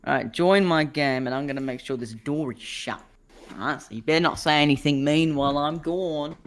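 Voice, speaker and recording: Co-streamer, woman, fairly low voice, mocking and playful. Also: a little fast. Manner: teasing, mock-insulting. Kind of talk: casual gaming stream chat.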